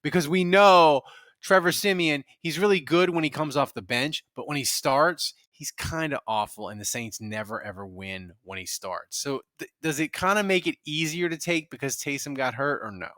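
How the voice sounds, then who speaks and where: A man's voice: a little high, lively intonation, moderate pace, fairly bright tone, no room sound, studio quality. A man hosting a casual sports podcast, asking long rambling questions with lots of energy. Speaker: podcast host.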